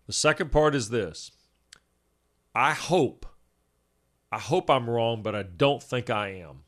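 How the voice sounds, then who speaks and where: A man in his fifties co-hosting a sports talk show, laying out his points in a measured, orderly way. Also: medium pitch, animated, fairly bright tone. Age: 50s. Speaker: sports radio co-host.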